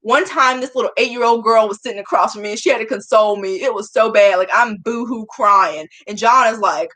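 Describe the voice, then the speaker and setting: A woman's voice: a little high, fairly quick, hardly any pauses, bright, forceful tone. A young woman chatting casually to her viewers, self-mocking and often laughing. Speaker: vlogger.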